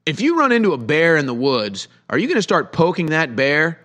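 A man's voice: on the high side, sing-song, fairly quick, fairly bright tone. A middle-aged man hosting a heated political commentary show, sarcastic and full of rhetorical questions.

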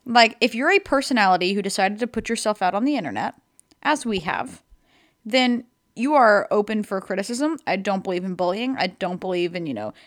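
A woman's voice: mid-range voice, animated. A young woman hosting a podcast in casual chat, rambling and filling her sentences with "like". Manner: rambling, fills every pause with "like". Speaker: podcast host.

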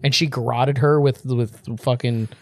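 A man co-hosting a podcast in casual chat, swearing often and quickly acting out movie characters in asides. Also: mid-range voice, steady tone, no echo. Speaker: podcast co-host.

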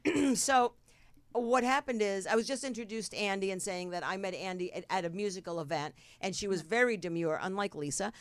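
A woman's voice: mid-range voice, a little fast, no room sound. A middle-aged woman from New Jersey with a New Jersey accent, hosting a talk show in a brash, rambling, swearing style. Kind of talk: casual chat.

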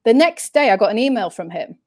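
A woman's voice: on the high side, lively intonation, fairly quick, darkish tone, dry recording. A woman with a northern English accent, telling stories as an interview guest in a rambling, chatty way that keeps restarting sentences. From northern England. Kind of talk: casual interview chat.

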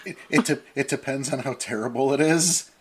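A man co-hosting a casual podcast, playful and quick to agree with the others. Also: medium pitch, fairly even intonation, a little hiss or hum.

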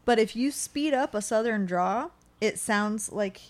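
A woman's voice: on the high side, measured pace. A young woman co-hosting a podcast in casual chat, blunt and sarcastic, swearing freely. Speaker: podcast co-host.

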